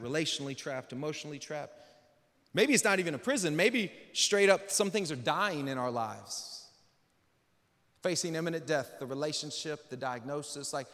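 A pastor preaching a sermon in a church, swinging between loud, urgent passages and quiet, low reflection. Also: male voice. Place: large church hall. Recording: long hall reverb.

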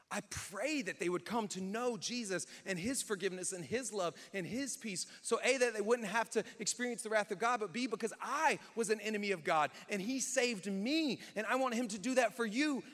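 A male pastor delivering a lively, conversational sermon, acting out little dialogues as he goes. His voice sits high for a man. It carries a long reverb from the church hall. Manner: animated, conversational, acts out quotes.

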